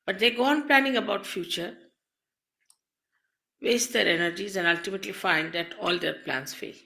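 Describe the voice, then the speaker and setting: A woman spiritual teacher giving a slow, measured talk to an audience, speaking into a mic in a hall. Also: medium pitch, vocal fry, pushed and bright.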